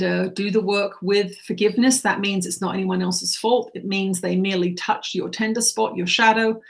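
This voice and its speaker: A woman channeling spiritual teachings, speaking in slow, repetitive, earnest instructions. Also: mid-range voice, gravelly.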